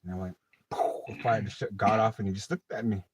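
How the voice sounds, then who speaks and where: At a fairly low pitch, with a breathy edge and a steady tone, a middle-aged man speaks a little fast. He's hosting a livestream, rambling through stories in casual late-night chat and cursing freely. The audio is dull, with no room sound.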